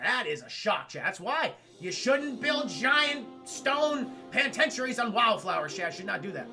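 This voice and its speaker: A man on a casual live stream recapping a cartoon, rambling and profane as he keeps turning to his chat. His voice sits high with a gravelly fry and a sharply bright edge. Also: sing-song, normal speed, few pauses, faint music behind.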